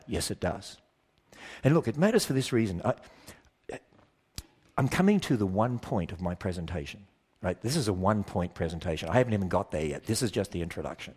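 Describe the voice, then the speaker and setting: A man's voice: low voice, expressive, a little mellow, husky. Emphatic man preaching to an audience. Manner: emphatic, asks the audience many questions; acts out quoted voices in quick back-and-forth. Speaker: speaker. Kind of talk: preaching talk to a church audience.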